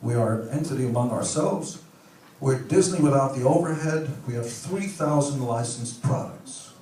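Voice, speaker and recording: A man in his sixties gives a joking, playful speech to a conference audience and throws in loud bursts of emphasis. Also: mid-range voice, moderate pace, a little hiss or hum. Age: 60s. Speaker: conference speaker. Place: large hall with an audience. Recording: echoey hall from far off.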